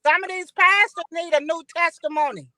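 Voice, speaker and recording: A woman speaks as an earnest guest on a church talk show. Her voice is very high and bright, and she presses her points with insistent conviction. The sound is dry and close to the mic. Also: fairly even intonation, brisk, no room sound, low-quality recording. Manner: earnest, insistent, sprinkling in "you know what I'm saying". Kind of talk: passionate talk show discussion.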